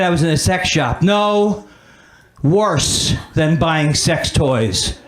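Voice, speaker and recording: A man's voice: fairly high pitch, expressive, unhurried, slight background noise. A man doing a stand-up comedy set on a club stage, riffing on his own weak jokes and mocking himself. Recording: roomy club sound with a laughing crowd. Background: audience laughter.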